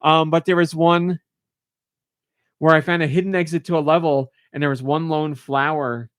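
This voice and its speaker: A man's voice: on the high side, steady tone, moderate pace, clear, resonant tone, no room sound, studio quality. A man hosting a podcast, chatting casually and gushing with enthusiasm. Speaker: podcast host.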